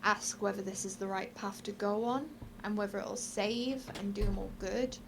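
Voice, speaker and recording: A woman's voice: medium pitch, steady tone, moderate pace, gravelly, noisy background. A woman playing a tabletop game who describes her character's actions thoughtfully and hesitantly. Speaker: player.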